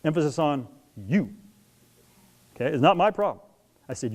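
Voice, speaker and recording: A man's voice: on the high side, moderate pace. A middle-aged man giving a talk to an audience, telling stories and acting out scenes as he goes. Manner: animated storyteller who acts out scenes. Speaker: speaker on parenting young athletes.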